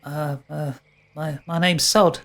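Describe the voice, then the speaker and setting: A man voicing a small, timid young satyr in a tabletop game, high and hesitant. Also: steady tone, takes it slowly, fairly bright tone. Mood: shy.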